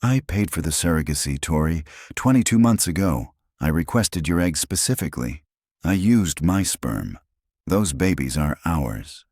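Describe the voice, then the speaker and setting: Remorseful ex-husband, earnest and pleading, very deep voice played by a man. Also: expressive, normal speed, darkish tone, dry recording, studio quality. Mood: urgent. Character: remorseful divorced man, desperate to make amends.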